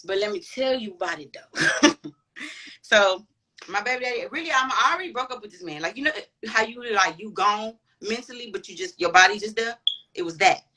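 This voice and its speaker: A woman's voice: medium pitch, lively intonation, a little fast, bright, forceful tone, rough recording. A woman guest on a chat podcast telling a personal story candidly, with lots of slang and swearing. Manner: candid, profane, slangy and emphatic.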